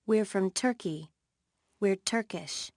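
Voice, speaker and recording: Slow, clear female model reader. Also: medium pitch, darkish tone, dry recording, studio quality. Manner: clear, deliberate model pronunciation. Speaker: vocabulary reader and interviewer. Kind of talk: scripted textbook dialogue.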